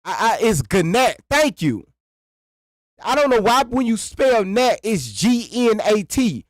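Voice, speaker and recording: Dude on his livestream, goes on rambly cussing rants and cracks himself up, drawn-out pace, dead dry room. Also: very high voice, very animated, dry recording. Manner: rambling, profane, breaks into laughter. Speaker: livestream host. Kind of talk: casual livestream rant.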